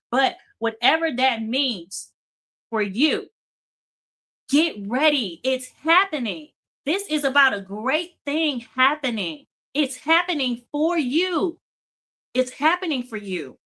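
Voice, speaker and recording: Bright-voiced woman hosting a faith talk. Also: on the high side. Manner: emphatic, repeats phrases for emphasis. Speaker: host. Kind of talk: faith-based motivational talk.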